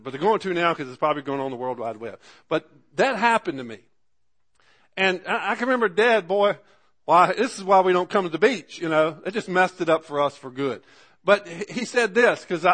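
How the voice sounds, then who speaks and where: Preacher guy in his forties, kinda high voice, folksy rambling sermon, keeps asking for amen. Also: expressive, a little fast, fairly bright tone. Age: 40s. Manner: folksy storytelling with frequent restarts and call-and-response "amen". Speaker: pastor.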